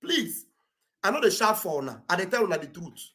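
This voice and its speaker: A Nigerian man with a booming voice rallies listeners on a livestream, his English laced with Pidgin. He talks in a high register and pushes his appeals to a shout, like a preacher at a pulpit. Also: sing-song, a little fast. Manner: loud, preachy, shouting exhortations. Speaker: livestream commentator. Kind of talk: impassioned livestream address. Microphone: streaming setup mic.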